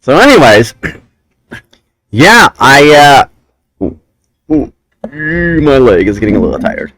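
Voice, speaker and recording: A young man hosting a casual chat, telling a long personal story with quick asides and tangents. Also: mid-range voice, very animated, fairly bright tone, rough recording. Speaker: host.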